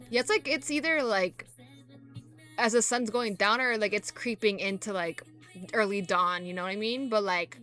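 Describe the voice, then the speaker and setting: A woman reacting casually to photos, rambling and full of fillers, gushing with excitement. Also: medium pitch, normal speed, faint music behind. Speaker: K-pop reaction vlogger.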